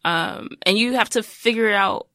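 A man hosting a podcast, asking questions in a relaxed, casual way with lots of "like" fillers. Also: high voice, normal speed, no echo. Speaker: podcast host. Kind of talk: casual interview chat.

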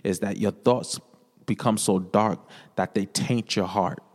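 On a podcast, a man tells his personal testimony earnestly and conversationally, repeating his phrases often. His voice sits on the low side, darkish and steady, at a measured pace, and a long reverb fills the echoey room.

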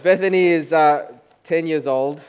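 High-voiced pastor giving a chatty sermon. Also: male voice, a little slow, darkish tone, smooth. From Chinese background. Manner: conversational, joking with the congregation.

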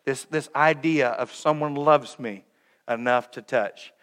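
A man's voice: medium pitch, unhurried, fairly bright tone, big-room sound. A young man preaching a sermon as pastor, earnest and intent, breaking into joking asides about his family. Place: church sanctuary.

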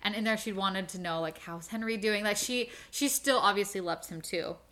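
A woman's voice: mid-range voice, pushed and bright. A young woman on a book podcast, retelling a novel's plot in a gushing, emotional way, full of "like". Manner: gushing, emotional, quick, with filler "like". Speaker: book club podcast host. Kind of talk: casual chat retelling a novel.

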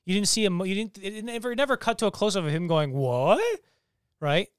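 Guy cohosting a movie podcast, kinda high smooth voice, swears a lot, acts out scenes, dry close mic. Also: racing, no room sound. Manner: animated, swearing, quoting people in voices. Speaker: podcast co-host. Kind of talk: casual chat, film review.

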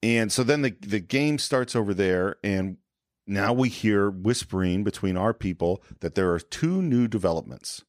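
A man with a lowish voice talks through a film scene by scene, slipping into the characters' lines as he goes. His delivery swings widely up and down, and the sound is dry and close. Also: normal speed, no room sound. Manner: animated retelling of scenes, acting out quotes. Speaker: podcast co-host. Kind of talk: casual film discussion.

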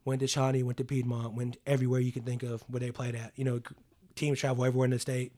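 A man's voice: mid-range voice, completely flat delivery, fast talker, mellow. A young adult man, a podcast guest, telling personal stories in an earnest, casual way, full of "like" and "you know what I mean".

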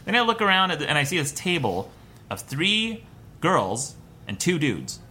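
A man tells a self-mocking story with a bright, sharp voice. His pitch swoops all over the place. There is a faint hiss behind him. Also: normal speed. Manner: animated, self-mocking, laughs mid-story. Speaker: guest comedian. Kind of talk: comic storytelling on a podcast.

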